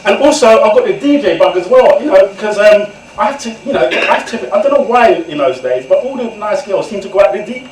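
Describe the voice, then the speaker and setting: A man, an author telling comic stories to an audience in an animated way and laughing often. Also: high voice. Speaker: author, guest speaker. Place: event room indoors. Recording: echoey room from far off, noisy.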